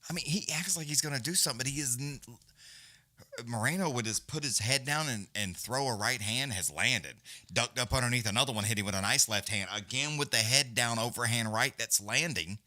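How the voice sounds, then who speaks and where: A man's voice: mid-range voice, fairly quick, sharp tone, dry recording, studio quality. A man giving loose, profane, casual live fight commentary as a companion-stream host. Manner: profane, blunt, loose, Southern-leaning slang.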